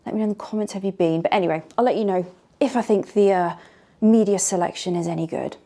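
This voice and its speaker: English girl touring a hotel room on camera, playful chatter, husky fry, mutters little asides. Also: medium pitch, quick pace, warm tone. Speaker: vlogger. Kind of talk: casual hotel room tour vlog.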